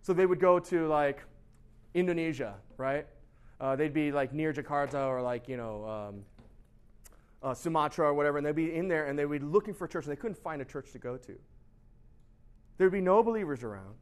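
A man giving a casual, animated sermon as a pastor, often asking "right?" and laughing at himself. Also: fairly high pitch, brisk, smooth. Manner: chatty, animated, constant rhetorical "right?"; laughs at himself, shouts for emphasis.

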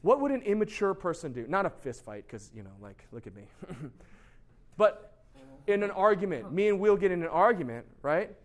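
A man giving a casual, animated sermon as a pastor, often asking "right?" and laughing at himself. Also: high voice, moderate pace. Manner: chatty, animated, constant rhetorical "right?"; laughs at himself, shouts for emphasis.

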